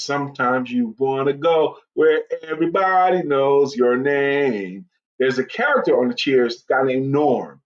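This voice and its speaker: A man hosts a live online show in a casual, chatty way, reading comments aloud and retelling stories with animated impressions. His voice sits fairly high. The sound is dull and lo-fi. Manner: animated storytelling, bursts into loud impressions.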